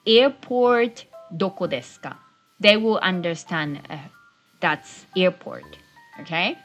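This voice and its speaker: A woman teaching basic travel phrases in a friendly, encouraging way. She slows right down to model each phrase, her voice rising and dropping through the examples. Soft music plays underneath. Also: medium pitch. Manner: slow, deliberate modeling of phrases. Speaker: Japanese language teacher. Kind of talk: friendly travel language lesson. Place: New Zealand-based channel.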